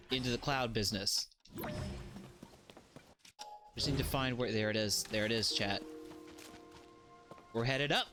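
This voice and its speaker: A man streaming a game live, rambling in a jokey way, swearing freely and chatting to his viewers. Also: mid-range voice.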